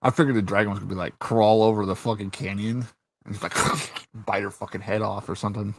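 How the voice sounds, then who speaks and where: Fairly low in pitch and brisk, the host's voice is recorded with no echo. He's an animated storyteller in a casual chat, swearing freely and laughing often as he retells scenes.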